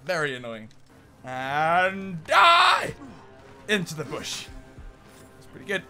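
A young man giving excitable gameplay commentary, yelling at enemies and laughing as he plays. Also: a little high, slow, vocal fry, faint music behind. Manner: excitable, swears mildly, often laughs and yells at enemies. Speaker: gaming YouTuber.

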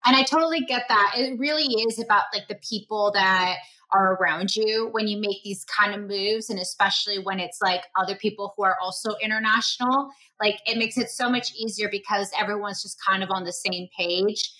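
A woman's voice: medium pitch, fairly quick, pushed and bright, rough recording. A woman hosting a casual interview, chatty and affirming as she asks questions. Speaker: podcast host.

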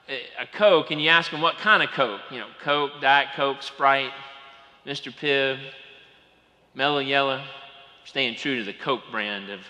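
Southern pastor preaching in an echoing sanctuary. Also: male voice, a little high. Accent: Southern US, Georgia. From Atlanta, Georgia. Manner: folksy storytelling, rising and dropping to quiet asides. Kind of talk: sermon. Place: large church sanctuary. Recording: long hall reverb.

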